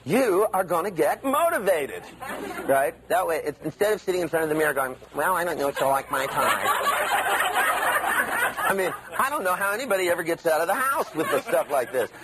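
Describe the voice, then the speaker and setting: A man giving an animated live seminar lecture, acting out the inner voices he describes. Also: sits high, quick pace, crowd noise, noisy background.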